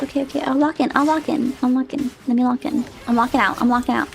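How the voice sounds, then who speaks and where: Very high-pitched, excitable woman streamer. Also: creaky. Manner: excitable, panicky, swears and apologizes in rapid repeats. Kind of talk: live gameplay streaming.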